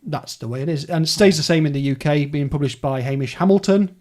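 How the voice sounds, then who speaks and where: A man hosts a relaxed book podcast in a chatty, rambling way. His voice sits a little higher than most men's. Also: fast. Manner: chatty, rambling through publishing details. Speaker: podcast host. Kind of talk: casual book-club chat.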